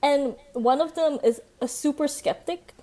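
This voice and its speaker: A woman's voice: high-pitched, measured pace, warm tone. A woman podcast guest chatting casually, giggly and acting out quotes as she talks. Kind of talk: casual chat.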